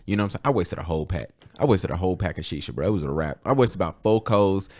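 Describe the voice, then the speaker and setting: Low-voiced male podcast host; loose, profane storyteller who acts out quoted lines. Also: animated, racing, darkish tone. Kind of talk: casual storytelling chat.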